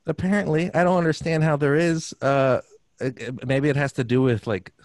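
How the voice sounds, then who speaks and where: A man's voice: a little high, normal speed, dry recording. A man casually retelling a film plot, acting out the characters' lines as he goes. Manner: animated retelling, acting out quotes. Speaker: movie recapper. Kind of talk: casual chat.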